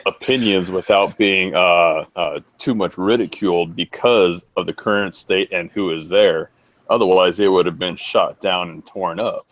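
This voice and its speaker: A man with a deep, low voice, joining in on a relaxed group conversation. He speaks in a measured way and fills his pauses with hesitations. His pace stays unhurried. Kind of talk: casual group chat.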